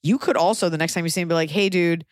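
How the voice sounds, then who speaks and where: Woman, 30s, advice co-host: blunt, emphatic, swears freely, mid-pitched, dry close mic. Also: rapid-fire, a little mellow, no room sound. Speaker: podcast co-host giving advice. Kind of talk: casual advice chat.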